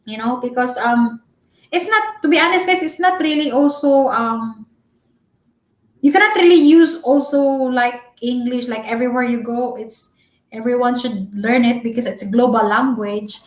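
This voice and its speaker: A young Filipino-accented woman, a Cebuano speaker, giving relationship advice in a chatty, loud-spoken live-stream vlog full of fillers. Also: on the high side, moderate pace. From Philippines. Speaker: vlogger. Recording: echoey room.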